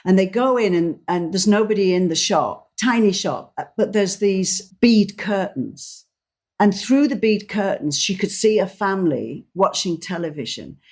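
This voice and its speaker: A middle-aged woman co-hosts a relaxed podcast chat. She tells her stories with energy, slipping into little voices for the people she quotes. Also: medium pitch, normal speed. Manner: animated storyteller, acts out quoted voices. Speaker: podcast co-host, decorator. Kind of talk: casual chat.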